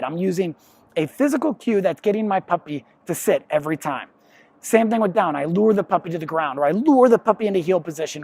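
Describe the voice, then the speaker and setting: A professional dog trainer walks through the training steps in a plain, explanatory way. Their pitch sits in a middle range. The recording is dry and close, with no room sound. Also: no echo. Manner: plain, explanatory, acts out quotes. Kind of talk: instructional explanation.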